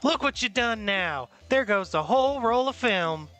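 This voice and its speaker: A woman's voice: fairly high pitch, lively intonation, normal speed, fairly bright tone, soft background music. Woman doing Lotta Hart, brash Southern drawl. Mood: scolding. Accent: put-on Southern US drawl. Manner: drawling, folksy, scolding. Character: brash Southern woman photographer, tough and touchy. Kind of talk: fan voice acting of a game.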